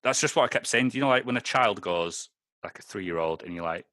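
A man's voice: lowish voice, lively intonation, fairly quick, pushed and bright, dry recording, studio quality. A man from Britain hosting a podcast in loose, sweary, casual chat, often acting out other people in quotes. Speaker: podcast host.

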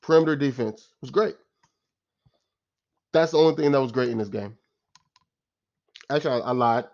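A man's voice: medium pitch, moderate pace, gravelly, a little mellow, dull audio. A man giving a casual, exasperated post-game rant as a sports fan, repeating himself and using slang.

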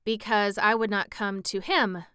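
A woman's voice: mid-range voice, steady tone, measured pace, sharp tone, smooth, no room sound, clean studio sound. A woman voicing a sly, grudging old female witch in a storybook reading, reluctant and evasive in her answers.

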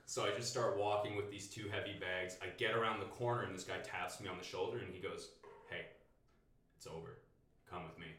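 A man's voice: fairly low pitch, fast talker, few pauses. A young man, a guest, telling a story casually and animatedly, swearing freely. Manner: animated, profane, laughs through his story. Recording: echoey room, distant mic.

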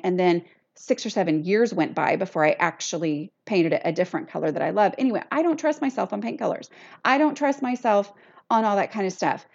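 A woman's voice: mid-range voice, a little fast, creaky, a little mellow. A middle-aged woman, chatting casually and self-deprecatingly as a solo podcast host. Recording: dull lo-fi recording.

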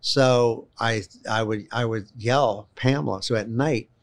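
A man telling a long personal story in conversation, animated and emphatic, often restarting his sentences. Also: mid-range voice, slow. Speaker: guest, children's home volunteer.

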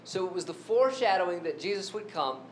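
A man's voice: expressive, quick pace. A man preaching a sermon who keeps asking the congregation questions. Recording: echoey room with faint rumble.

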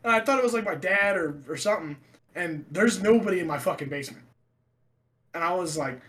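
A young man with a high, bright voice tells a story in casual chat with friends. He swears often and laughs along, and he shouts out the lines he quotes. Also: fast. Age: young adult.

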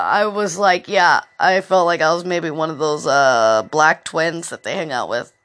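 A woman's voice: fairly low pitch, a bit bright. A woman hosting a podcast in a casual monologue, telling rambling stories full of swearing and fillers. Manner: profane, rambling storytelling with lots of fillers. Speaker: podcast host.

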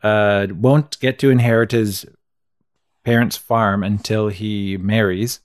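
A man's voice: fairly low pitch, fairly even intonation, takes it slowly, no room sound, clean studio sound. Laid-back rambling male podcaster. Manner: laid-back, rambling, chuckles at his own jokes. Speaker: podcast co-host. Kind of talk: casual film review chat.

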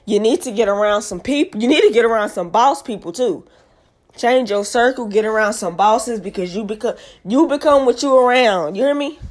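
A woman hosting her own podcast, a mother, talking in a forceful, preachy motivational monologue and repeating lines for emphasis. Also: a little high, a little fast. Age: adult with kids. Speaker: podcast host.

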